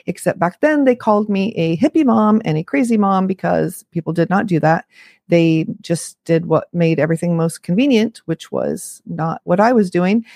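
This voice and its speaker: A woman's voice: lowish voice, vocal fry, darkish tone, no echo. Woman, fifties, parenting coach talking straight to listeners; chatty and frank with wry asides, dry close sound. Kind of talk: casual talk to camera.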